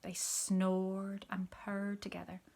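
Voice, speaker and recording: A woman reading a picture book aloud, telling the story softly, often in a whisper, and pointing out the pictures. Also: medium pitch, flat delivery, slow, creaky. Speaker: storybook reader.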